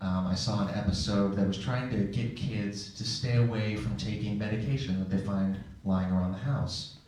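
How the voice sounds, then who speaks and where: Rambling improv performer, echoey stage. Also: male voice, lowish voice, steady tone, moderate pace. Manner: apologetic, rambling, quiet. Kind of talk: improv storytelling. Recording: echoey room, distant mic, faint noise.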